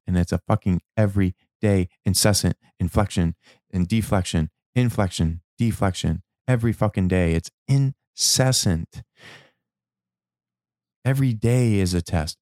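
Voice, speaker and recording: A man giving a reflective motivational talk about anger and change, slow and emphatic, repeating words and now and then swearing. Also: low voice, warm tone, no echo, clean studio sound. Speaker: self-help speaker.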